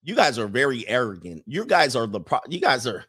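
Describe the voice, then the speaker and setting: A fairly bright, breathy-edged mid-range voice with a sing-song quality moves a little fast. The American man is casually and comically ranting to his stream viewers, preaching and reading out what they comment.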